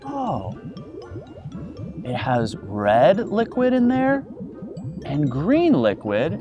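A man hosting a children's educational show, talking to young viewers in an excited, exaggerated way. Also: on the high side, drawn-out words, muffled recording, over music. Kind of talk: upbeat kids' educational presenting.

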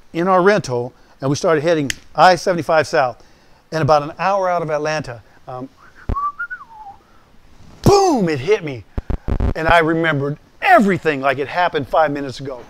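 A pastor in his sixties tells his personal testimony as animated storytelling, dropping into hushed asides and rising to loud bursts. His voice is a little high.

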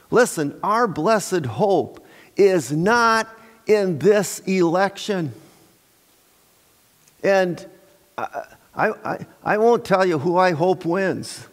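Slow-preaching pastor in echoing church. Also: male voice, fairly high pitch. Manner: unhurried, folksy preaching with many restarts and fillers; joking asides to the congregation. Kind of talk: Sunday sermon. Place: church sanctuary. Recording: long church-hall reverb.

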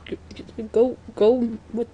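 A teenage girl at home giving chatty, self-mocking commentary on a video game, often apologizing and breaking into excited outbursts. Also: fairly high pitch, takes it slowly, dull audio, a little hiss or hum. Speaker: let's play gamer. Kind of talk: casual gameplay commentary.

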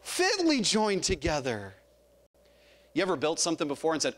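Man, pastor, Southern US accent, high voice, sermon in a church, rhetorical questions, loud and soft swings. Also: wildly swooping pitch, normal speed. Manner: preaching with big swings, rising to loud calls then dropping low; asks the congregation questions and calls members by name. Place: church sanctuary.

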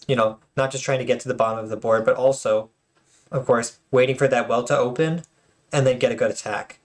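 Casually narrating game replays, a man speaks briskly with a steady tone and mid-range voice. His words often trip and restart, and he tosses in self-conscious apologies.

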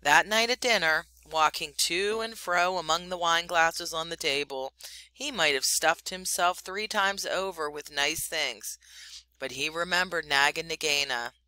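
A woman teacher reading a story aloud to her class in an expressive, animated storytelling manner. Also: sits low, measured pace, no room sound, rough recording.

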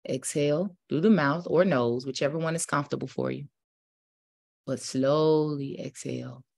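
A woman spiritual teacher, preaching with rising fervor and then leading a slow, calm guided meditation. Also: deep voice, vocal fry.

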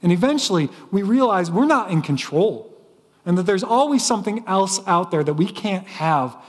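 A man's voice: sits high, lively intonation, moderate pace, big-room sound. A man preaching a sermon as pastor, telling stories with frequent restarts. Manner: storytelling preacher with repeated restarts. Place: church sanctuary.

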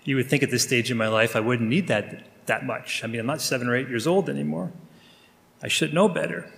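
A man's voice: mid-range voice, fairly quick, creaky, a bit bright. A male pastor praying aloud during a sermon, speaking earnestly and intimately to God. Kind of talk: spoken prayer in a sermon. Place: church sanctuary. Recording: long reverb of a large room.

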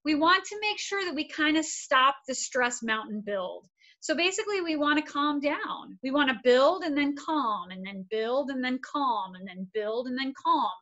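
A woman's voice: high voice, lively intonation, moderate pace, sharp tone, muffled recording. A woman therapist giving a casual, upbeat wellness workshop, encouraging and repetitive. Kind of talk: casual instructional talk.

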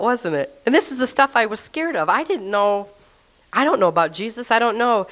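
A woman giving a personal faith testimony in a lively, chatty storytelling way, acting out her own past words. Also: mid-range voice, moderate pace.

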